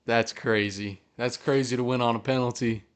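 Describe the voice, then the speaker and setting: Into a podcast mic, a male fan host gives an excitable live reaction to a football game, cursing, cheering and groaning play by play. He speaks smoothly at a moderate pace and medium pitch.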